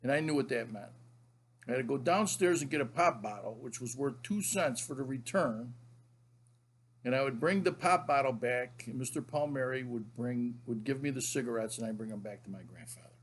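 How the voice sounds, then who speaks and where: An older man in a folksy, relaxed storytelling mode, speaking to the camera at a middle pitch. He lingers warmly over the details of a childhood memory as an author. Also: normal speed, slightly rough.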